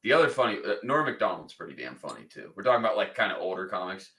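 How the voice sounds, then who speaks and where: A man co-hosting a casual podcast chat, cursing freely and chiming in with quick remarks. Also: fairly low pitch, very animated, bright, forceful tone. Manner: profane, laughs often, chimes in. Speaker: podcast co-host.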